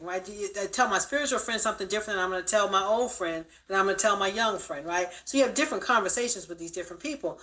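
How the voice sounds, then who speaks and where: A woman speaks as a guest on a radio talk show, earnestly giving advice. Her tone is bright and forceful, and she checks in often with "right?". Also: medium pitch.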